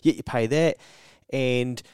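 A man co-hosting a relaxed podcast, talking on a studio mic. He tells stories with gusto, swears freely and slips into the voices of the people he describes, all at a middle pitch. The sound is dry and close, with no room in it. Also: slow pace, smooth, no room sound. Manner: animated storyteller who swears freely and acts out quotes. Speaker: podcast co-host. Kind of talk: casual podcast chat.

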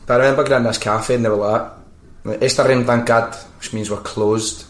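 A man's voice: mid-range voice, normal speed. A Scottish man hosting a podcast, chatting casually and telling stories with plenty of swearing. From Scotland. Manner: sweary, animated storyteller. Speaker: podcast host. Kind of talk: casual chat. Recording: roomy echo.

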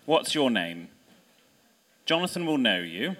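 A man hosting a live podcast chat, animated and teasing, laughing often. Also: medium pitch, unhurried. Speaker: podcast host.

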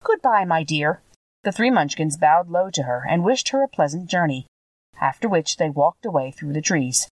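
A woman's voice: low voice, animated, moderate pace, a little mellow, no echo, far from the mic. A woman narrating a classic children's story, reading expressively.

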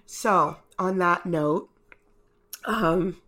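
A woman's voice: on the low side, drawn-out words, bright, forceful tone. A woman co-hosting a podcast in casual chat, heartfelt and rambling, emotional and close to tears. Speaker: podcast co-host.

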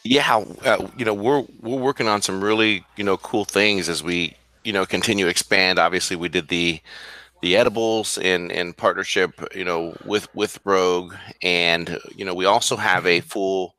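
A man's voice: deep voice, steady tone, normal speed, bright, forceful tone, dry recording. A man co-hosting a casual talk show, speaking hesitantly with many fillers and restarts. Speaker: co-host.

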